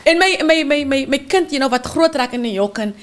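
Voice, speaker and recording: A woman from the Cape Flats with a Cape Flats South African accent, chatting casually as a guest and mixing in Afrikaans, animated and quick to laugh. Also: sits high. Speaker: guest, theatre producer. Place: lives in New York.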